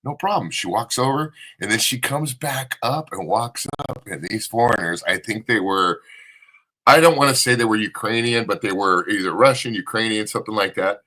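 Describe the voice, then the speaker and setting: Southern california guy, bright forceful voice, swearing and rambling thru a story on a chill live podcast. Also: lowish voice, moderate pace. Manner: rambling profane storyteller, laughs often. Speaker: panel co-host. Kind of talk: casual live podcast banter.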